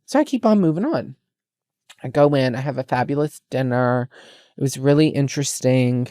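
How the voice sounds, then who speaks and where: A young woman telling a story in a casual, animated vlog rant, exasperated and repeating lines for effect. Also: rumbling low, moderate pace, no room sound, clean studio sound. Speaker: vlogger.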